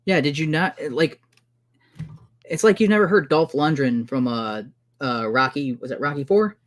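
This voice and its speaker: A man with a fairly high voice arguing hard in an online debate. He sounds exasperated and cuts in over the other speaker. He throws out blunt insults as he pushes his side. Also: lively intonation, normal speed. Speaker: debater defending the trailer.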